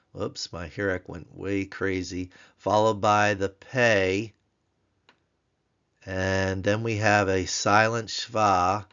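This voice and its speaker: Slow, low-voiced man teaching grammar. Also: a bit bright, muffled recording. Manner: slow, careful, repeats Hebrew words to drill pronunciation. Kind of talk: screen-recorded tutorial explanation.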